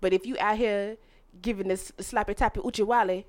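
A woman's voice: mid-range voice, fairly even intonation, fairly quick, darkish tone. A woman co-hosting a podcast recap, chatting casually with sassy, emphatic, blunt opinions. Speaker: podcast co-host.

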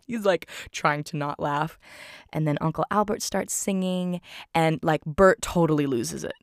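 A woman's voice: deep voice, a little slow, dry recording, clean studio sound. A woman casually retelling a film scene by scene, chatty and giggling often.

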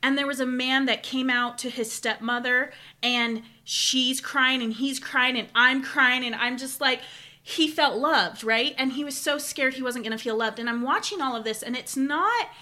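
A young woman chatting casually as a podcast co-host, telling stories with animated enthusiasm. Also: sits high, normal speed. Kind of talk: casual chat.

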